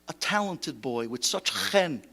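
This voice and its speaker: Rabbi, man, eulogy sermon; bright, high voice; builds from hushed to shouting. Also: lively intonation, measured pace, gravelly, slightly rough. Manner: impassioned, swings from shouting to hushed tones; sprinkles Hebrew and Yiddish-learned terms.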